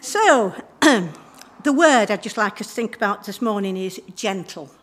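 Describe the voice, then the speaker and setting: A woman giving church notices and a talk during a service, chatty and friendly with frequent ums and throat clearing. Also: medium pitch, lively intonation, moderate pace. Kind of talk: church notices and informal sermon.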